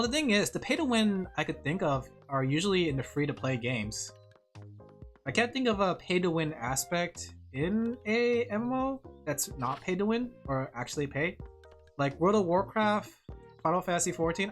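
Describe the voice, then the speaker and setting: A woman chats casually on a livestream while she draws, rambling and thinking aloud as she answers chat. Her voice sits low but moves in a lively way. Soft music plays faintly behind her. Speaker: vtuber streamer.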